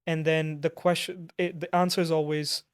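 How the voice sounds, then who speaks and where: A young man hosting a podcast, speaking in a soft, steady, thoughtful way as he shares stories with his guest. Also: on the high side, normal speed. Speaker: podcast host. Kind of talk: conversational podcast interview.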